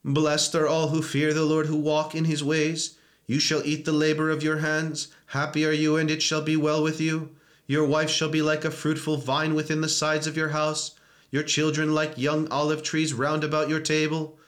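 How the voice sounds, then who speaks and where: A man intones psalms and liturgical chant in a church service. His voice sits fairly high for a man and stays almost completely flat in pitch, with the steady rhythm of liturgical recitation. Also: normal speed.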